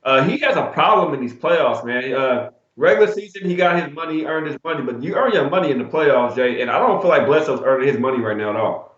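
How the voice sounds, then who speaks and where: A quick-talking man co-hosts a sports betting show in a loose, slangy style, cursing freely as he tells a story. His voice bounces around a roomy space, and the recording sounds dull and lo-fi. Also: medium pitch. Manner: animated, swearing, slangy storyteller. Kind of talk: casual storytelling and betting talk. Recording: echoey room, dull lo-fi sound.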